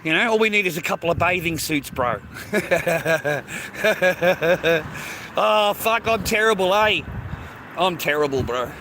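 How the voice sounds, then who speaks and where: Australian man, street streamer, crude and rambling, ends lines on mate and bro; slightly high, sharp bright voice, handheld phone outdoors. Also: expressive, slow, a little hiss or hum. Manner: swears constantly, tags lines with mate and bro. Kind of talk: casual rambling walk-and-talk stream. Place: outdoors on a suburban street near the beach.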